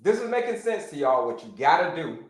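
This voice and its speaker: A man hosting a live stream as a health coach, talking in an animated way, repeating his phrases and calling his viewers folks. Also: a little high, a little fast, roomy sound.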